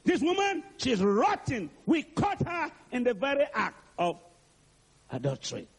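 Self-righteous men accuse in a raised, scornful voice, as a preacher acts them out. The sound is husky. The pitch jumps high. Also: male voice, wildly swooping pitch, a little slow, heavily acted.

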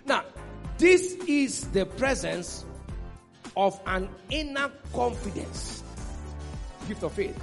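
Male pastor, animated sermon, high and expressive, big reverberant hall with soft music. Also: drawn-out words, vocal fry, pauses often. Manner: animated preaching, bursts of shouting and laughter.

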